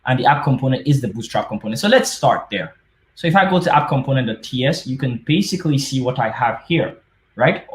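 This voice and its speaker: A man gives a live-coding talk at a conference in a loose, conversational way, trailing into fillers and correcting himself mid-sentence. His pitch sits in an ordinary middle range. The room around him adds a noticeable echo. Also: expressive, brisk. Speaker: conference speaker. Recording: roomy echo.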